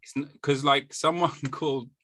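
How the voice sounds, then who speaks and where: A man hosting a casual podcast chat, joking and sarcastic, with sudden jumps in pitch. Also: fairly even intonation, moderate pace, a bit bright, dry recording. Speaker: podcast host.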